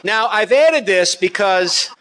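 Joking male radio teacher, slightly high voice. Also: animated, takes it slowly, background noise. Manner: chatty, joking, emphatic, with frequent restarts. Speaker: ham radio presenter and teacher. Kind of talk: humorous conference talk.

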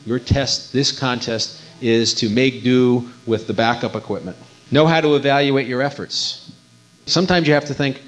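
A medium-pitched man speaking at normal speed gives an informal instructional talk as an amateur radio contester, conversational and folksy, with lots of repetition. It's a dull lo-fi recording.

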